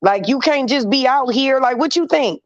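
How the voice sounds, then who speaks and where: Woman in her 30s, livestream host, animated storyteller who swears freely; dry, slightly dull recording. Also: sits high, moderate pace, dry recording. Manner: animated, swears freely, hums "mm" between phrases. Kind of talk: casual storytelling chat.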